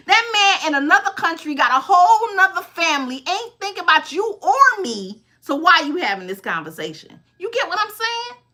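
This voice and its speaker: A woman in her fifties giving casual, emphatic advice as a tarot reader host. Her voice sits very high and rings bright and clear. She keeps checking that her listener follows along. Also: very animated, a little fast. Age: 50s.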